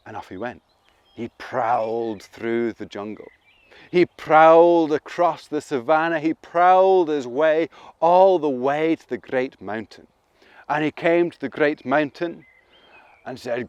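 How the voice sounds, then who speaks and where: A man telling a folk tale to children, animated and playful, asking his listeners questions. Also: a little high, unhurried, no room sound, lo-fi sound. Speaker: storyteller. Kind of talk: interactive children's storytelling.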